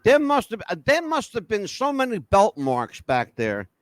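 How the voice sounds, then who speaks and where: A man's voice: high-pitched, huge pitch swings, normal speed, dry recording. A man hosting a podcast in casual chat, blunt and emphatic, swearing freely. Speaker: podcast host.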